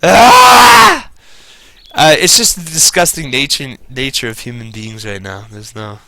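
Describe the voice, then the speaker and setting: Male gamer, bitter rambling storyteller, bright edge, dry recording. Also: medium pitch, lively intonation, moderate pace, dry recording. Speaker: gamer telling stories. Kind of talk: casual commentary over gameplay.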